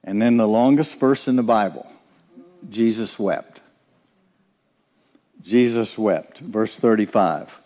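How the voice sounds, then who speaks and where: A man's voice: on the low side, moderate pace, few pauses, warm tone, long reverb tail. A man preaching a sermon, earnest and direct, often turning to ask the listeners questions. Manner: earnest, asks the congregation questions.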